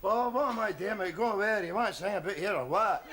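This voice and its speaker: A man's voice: sits high, fast talker, natural voice. An actor playing a cheeky young Scottish man with a thick dialect in a 1970s studio sitcom, with a strong Scottish accent. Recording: noisy old TV soundtrack.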